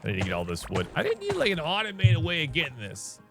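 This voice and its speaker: A man's voice: fairly high pitch, huge pitch swings, fast talker, gravelly, over music. A man streaming a video game, chatting casually and thinking aloud while he plays, often firing off questions. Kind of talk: casual let's-play commentary.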